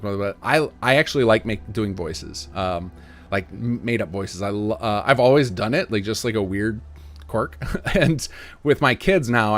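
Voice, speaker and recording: A man in his thirties chatting casually on a livestream, answering viewer questions in a rambling way with many fillers and restarts. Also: lowish voice. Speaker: mod developer and streamer.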